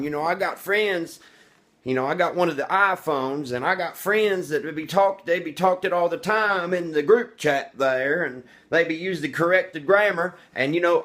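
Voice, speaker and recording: A man's voice: fairly high pitch, fairly bright tone. A man playing a cocky, crude redneck vlogger who rambles, brags and talks about himself in the third person. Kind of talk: comedic character monologue.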